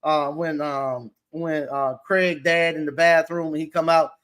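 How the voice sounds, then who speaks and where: A man, an appliance repair business owner, telling stories in a casual interview with a halting, rambling delivery full of restarts. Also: fairly high pitch, little pitch movement, a bit bright, smooth.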